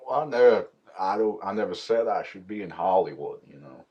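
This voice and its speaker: Low-voiced guy faking a hillbilly southern accent on a prank call, mumbly and scared-sounding, muffled phone. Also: lively intonation, brisk. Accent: put-on Southern US hillbilly. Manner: mock-timid, apologetic, mumbling. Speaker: prank caller. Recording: dull lo-fi phone audio.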